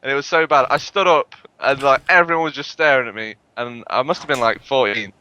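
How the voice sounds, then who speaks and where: A man's voice: medium pitch, fairly quick, bright, forceful tone, a little hiss or hum. A young man, a podcast co-host telling rambling, sweary anecdotes in casual chat.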